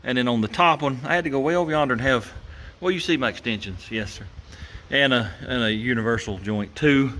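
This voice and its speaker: A man's voice: mid-range voice, a little fast, a bit bright. A man hosting a garage channel, talking folksy and casual while he works, chuckling and grumbling about how things are built.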